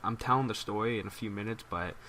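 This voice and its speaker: A man's voice: fairly low pitch, quick pace, pushed and bright, slight background noise. Rambling New guy telling a story. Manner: rambling, amused. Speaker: gaming YouTuber. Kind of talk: casual storytelling commentary.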